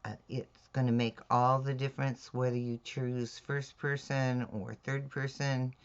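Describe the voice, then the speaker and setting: A woman teaching mystery writing in a measured, deliberate way, checking in with her listeners as she explains. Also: very deep voice, flat delivery. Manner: measured, deliberate, with "all right?" check-ins. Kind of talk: instructional talk on writing craft. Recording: dull lo-fi recording.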